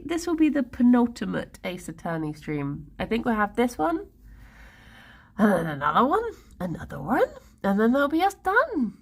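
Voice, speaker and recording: A woman in her thirties with an English accent, chatting casually and playfully with stream viewers, giggling often. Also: medium pitch. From England. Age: 30s. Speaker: livestreamer.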